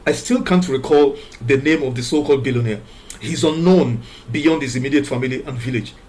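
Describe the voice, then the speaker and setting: A Nigerian man with a middle-range pitch and a darkish tone delivers a preachy moral commentary monologue, emphatically repeating the same words over and over. He reads scripture aloud in an even, measured way, then fires off pointed rhetorical questions. There's a little hiss or hum in the recording.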